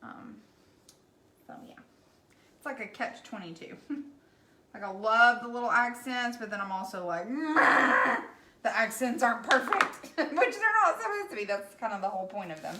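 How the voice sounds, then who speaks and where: Her mid-range voice is animated and bright, with a forceful edge, moving at a moderate pace but pausing often. A craft painter, she chats cheerfully with viewers during a casual live painting stream. It's captured at home on a device mic set at a distance, in an echoey room with faint noise.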